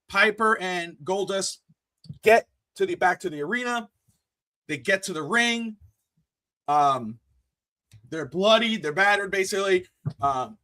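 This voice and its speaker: Excitable high-voiced podcast host. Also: male voice, no room sound. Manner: excitable, animated, with playful bursts. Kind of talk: casual wrestling podcast chat.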